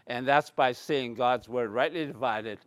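A man's voice: medium pitch, measured pace, fairly bright tone, dry recording. A man preaching a bible study sermon, reading scripture aloud and stressing key words.

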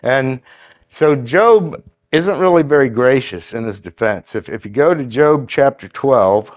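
A man preaching a sermon in a conversational, halting way, with fillers and restarts, who reads scripture aloud in a steadier cadence. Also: medium pitch, lively intonation.

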